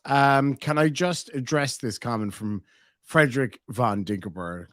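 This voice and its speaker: A man's voice: mid-range voice, a little slow, no room sound, clean studio sound. An Irish man hosting a reaction video, talking casually, bluntly and mockingly, and swearing freely. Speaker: host reacting to clips.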